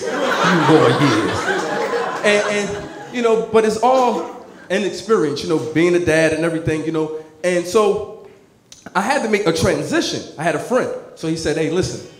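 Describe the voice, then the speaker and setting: A man in his thirties from New Jersey doing stand-up, telling stories in a profane, animated way. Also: high-pitched, echoey room, a little hiss or hum. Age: 30s. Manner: profane, animated storytelling, many filler restarts. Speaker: stand-up comedian. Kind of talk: stand-up comedy storytelling.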